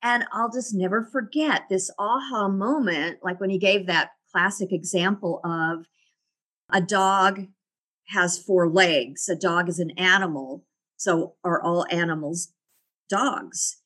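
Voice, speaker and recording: A woman's voice: on the low side, slow pace, a bit bright. A middle-aged woman, a guest in an interview, reflectively telling personal stories and laughing often. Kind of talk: casual interview storytelling.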